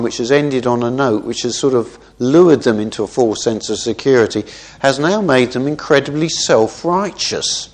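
A male preacher explains a scripture passage in a relaxed, conversational manner, checking in with his listeners through frequent rhetorical tag questions. His voice sits at a middling pitch, and his talk is thoughtful and unhurried, with small restarts as he thinks aloud. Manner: thoughtful with small self-corrections. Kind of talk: expository Bible teaching.

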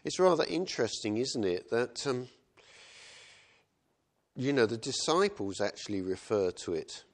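A man's voice: mid-range voice, sing-song, measured pace. A man preaching a sermon in a conversational way, often asking "isn't it" and acting out quotes. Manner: conversational, with tag questions and acted quotes.

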